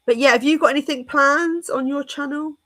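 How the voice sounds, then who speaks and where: A woman's voice: high voice, steady tone, brisk, pushed and bright. A woman with a British English accent, a guest on a casual livestream chat, chatty with frequent restarts. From England. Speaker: guest channel host.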